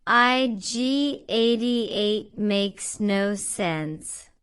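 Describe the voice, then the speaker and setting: A very slow, smooth synthetic woman co-host, voiced by a text-to-speech engine. Each word comes out flat and evenly paced, with a clean, polished tone. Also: mid-range voice.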